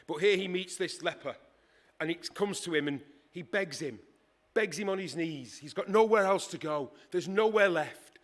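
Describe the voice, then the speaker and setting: A man preaching a sermon in a conversational, emphatic way, with dramatic pauses. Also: sits high.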